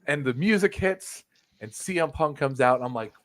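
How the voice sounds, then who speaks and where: A man's voice: on the high side, expressive, brisk. Young man rambling and swearing. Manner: profane, rambling storytelling, full of restarts. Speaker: guest, wrestling videographer. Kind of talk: casual chat.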